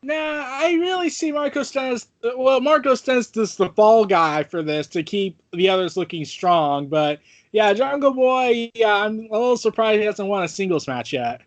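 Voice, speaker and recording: A man's voice: sits high, animated, normal speed. A man co-hosting a podcast, chatting about wrestling in a laid-back way with offhand asides. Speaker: podcast co-host. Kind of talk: casual wrestling talk chat.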